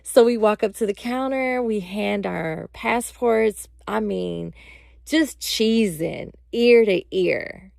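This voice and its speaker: A woman vlogger telling a personal story in a casual, animated way, speaking straight to her viewers. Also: mid-range voice, slow, creaky, dry recording, studio quality. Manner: animated, addresses viewers directly.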